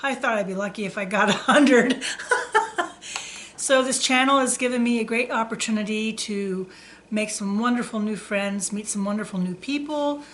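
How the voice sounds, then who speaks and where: A woman's voice: medium pitch, normal speed, fairly bright tone, slight background noise. Woman host reading a Christmas story. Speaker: cooking channel host.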